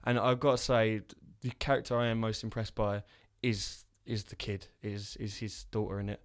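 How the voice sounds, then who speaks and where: A man's voice: lowish voice, little pitch movement, moderate pace. Man retelling film scenes. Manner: retells film scenes, acting out the lines with laughs. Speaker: podcast co-host. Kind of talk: casual film review chat.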